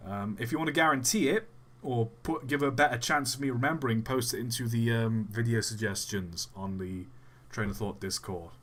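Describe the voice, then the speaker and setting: A man's voice: mid-range voice, moderate pace, fairly bright tone. A young man giving casual, jokey live-stream commentary, chatty and often trailing off.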